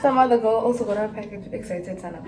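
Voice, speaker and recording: Young girl rambling excitedly to her followers, echoey room, noisy in the background. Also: medium pitch, fast. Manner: excitable, rambling, addresses viewers as guys. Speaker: vlogger. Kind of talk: casual vlog chat. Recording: roomy, distant mic, noisy background.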